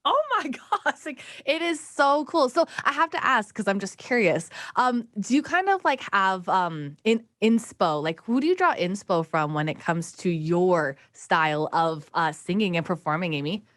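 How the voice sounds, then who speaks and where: A woman radio host interviewing a guest, bubbly and enthusiastic, with excited high exclamations. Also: normal speed, few pauses, no echo, clean studio sound.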